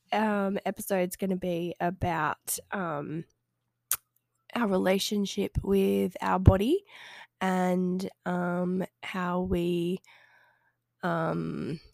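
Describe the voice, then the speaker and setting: A woman's voice: mid-range voice, creaky, a little mellow, dry recording, studio quality. A woman hosting a casual solo podcast, speaking in a nasal voice with a stuffy head cold, hesitant and rambling but friendly. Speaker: podcast host and health coach.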